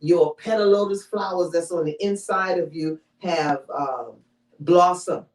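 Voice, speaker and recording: A woman's voice: on the low side, a little slow, darkish tone. Woman preaching in an echoey hall. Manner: teaching tone, checks in with "all right?" and "you know". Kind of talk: conversational sermon. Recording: echoey room, mic from far off.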